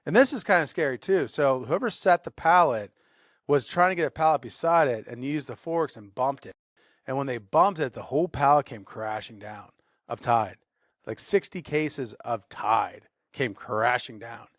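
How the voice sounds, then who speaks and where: A man co-hosting a podcast, telling a workplace story in a lively way and acting out the shouting. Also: mid-range voice, moderate pace, no room sound, clean studio sound. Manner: animated storyteller, acts out shouted quotes. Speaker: podcast co-host. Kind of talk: casual storytelling.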